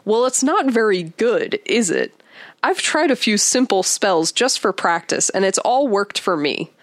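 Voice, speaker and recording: A woman's voice: mid-range voice, sing-song, unhurried, no echo. A woman reading aloud as an eager know-it-all eleven-year-old girl, talking emphatically in long run-on sentences. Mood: eager, earnest. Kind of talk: reading a book passage aloud.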